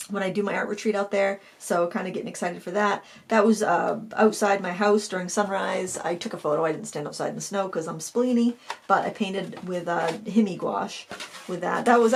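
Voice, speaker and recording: A woman's voice: mid-range voice, vocal fry. Chatty woman rambling through a sketchbook. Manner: chatty, rambling, frequent fillers and self-corrections. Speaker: art channel host. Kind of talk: casual sketchbook tour.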